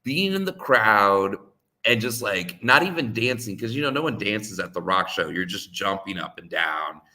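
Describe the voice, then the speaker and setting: A man's voice: lowish voice, expressive, moderate pace, bright, forceful tone. A man telling a casual story, rambling with lots of "like" fillers and frequent laughs. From United States. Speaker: co-host.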